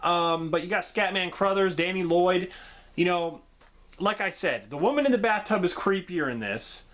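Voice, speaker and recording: Bright, lively male movie vlogger. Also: high voice, moderate pace. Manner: enthusiastic, gushing, laughs often. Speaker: YouTube movie reviewer. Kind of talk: casual vlog movie review.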